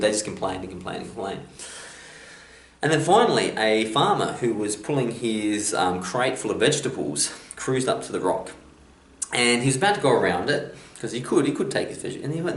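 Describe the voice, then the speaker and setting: A man's voice: fairly low pitch, lively intonation, fairly quick. A man telling motivational stories on his vlog, in a rambling, jokey way with many restarts. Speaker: motivational vlogger. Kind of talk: casual motivational storytelling. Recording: echoey room, distant mic, faint hiss.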